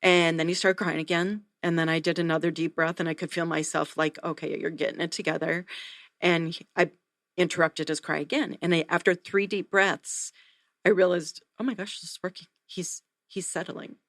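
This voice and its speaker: A woman, a neonatal nurse practitioner, telling a story in an interview, earnest and animated. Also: lowish voice, moderate pace, no room sound, clean studio sound. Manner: earnest, animated retelling with acted quotes.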